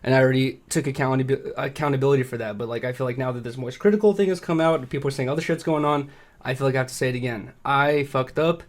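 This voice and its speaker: A man on a livestream giving a nervous, halting apology, rambling and full of fillers. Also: medium pitch. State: nervous, shaky. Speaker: streamer.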